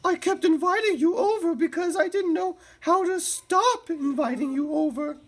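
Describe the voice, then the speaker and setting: A woman voicing a cheery, eager female llama neighbor in a read-aloud storybook, calling out in a high sing-song. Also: moderate pace. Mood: earnest.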